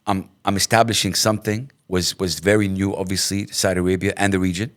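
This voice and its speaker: A middle-aged man talks in a relaxed interview with a fairly low voice. He tells his stories in an animated way, often repeating words and acting out what others said. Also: fast. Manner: animated, repeats himself, acts out quotes. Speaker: radio host, interview guest. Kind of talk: casual interview.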